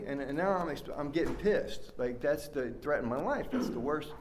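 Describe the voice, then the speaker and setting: A man's voice: mid-range voice, lively intonation, a little fast, hardly any pauses, darkish tone, slight background noise. A man giving a rambling, heartfelt personal share as a speaker at a recovery workshop, full of fillers and restarts. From West Virginia.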